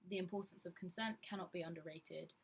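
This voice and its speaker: Frank woman vlogger, slightly breathy, lower register, reflective delivery. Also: fast. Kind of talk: candid personal vlog talk.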